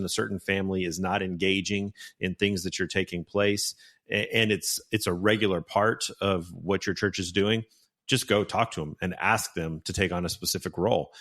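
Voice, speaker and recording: Brief: male podcast host, very low voice, earnest and advising. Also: fairly even intonation, normal speed, a bit bright. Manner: earnest, giving practical advice. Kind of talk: casual podcast conversation.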